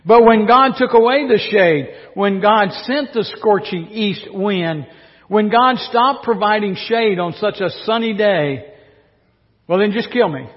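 A man's voice: high-pitched, a little slow. A male pastor preaching a sermon in a wry, joking way, full of rhetorical questions. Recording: dull recording with long hall reverb.

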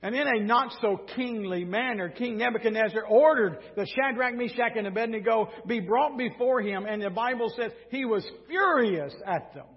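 High-voiced preacher in an echoing hall. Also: male voice, moderate pace, hardly any pauses. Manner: animated storytelling, sarcastic asides. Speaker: pastor. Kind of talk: sermon. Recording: dull sound in a reverberant hall.

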